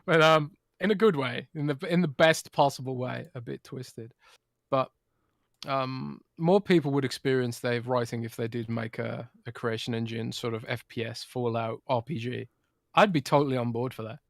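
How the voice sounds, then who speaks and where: A man's voice: mid-range voice, normal speed, vocal fry, dry recording, clean studio sound. A man co-hosting a gaming podcast, talking casually and enthusiastically with lots of fillers. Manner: animated, enthusiastic, rambling with fillers. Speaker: podcast co-host. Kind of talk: casual chat.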